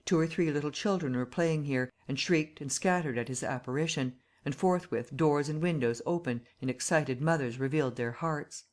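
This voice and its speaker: Audiobook narrator, steady even reading, classic novel, mid pitch. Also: normal speed, hardly any pauses.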